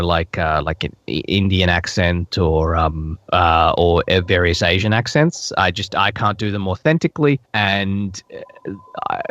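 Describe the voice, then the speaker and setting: A man with a lowish voice, recorded dry and close, thinks out loud as a guest in an interview. He talks casually and circles back, restarting his sentences with plenty of fillers. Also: no room sound, highs cut off. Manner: thoughtful, rambling with frequent restarts and fillers. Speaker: voice actor guest.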